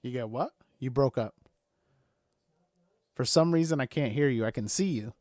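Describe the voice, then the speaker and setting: A man's voice: mid-range voice, moderate pace, a little mellow, no room sound. Dry-sounding man on a glitchy call. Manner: brief reactions and short questions. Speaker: podcast co-host. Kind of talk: casual chat.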